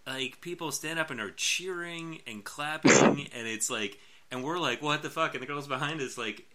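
A man's voice: mid-range voice, normal speed, sharp tone, a little hiss or hum. A man in his late thirties telling a long rambling story in casual chat, laughing often and acting out what people said. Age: late 30s.

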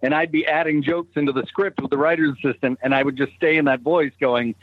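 A man from Brockton telling a story in casual chat, animated and profane. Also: fairly high pitch, fast talker, no echo, narrow, tinny audio. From Brockton, Massachusetts.

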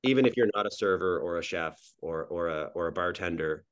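A man's voice: deep voice, fairly quick, smooth. A man from New Brunswick, Canada, a sitcom co-creator guesting on a casual podcast, rambling with frequent restarts and repeated words. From Miramichi, New Brunswick, Canada.

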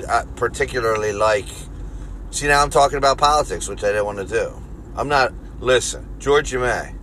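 A man with a Philadelphia accent hosting a solo podcast from his car, rambling crudely and jokingly between loud bursts and mutters. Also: medium pitch, slight background noise. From Philadelphia area. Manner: rambling, crude, jokey, swings loud and quiet. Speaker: podcast host. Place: car on the road.

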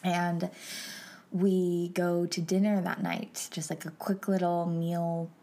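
Soft-spoken slow woman telling a story. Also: fairly low pitch, flat delivery. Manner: soft, often drops to a hushed whisper; chatty, many filler "like"s. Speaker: podcast host. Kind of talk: personal storytelling.

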